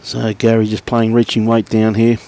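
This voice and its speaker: A middle-aged Australian man doing relaxed live commentary on lawn bowls, chatting and greeting viewers by name. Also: fairly low pitch, normal speed.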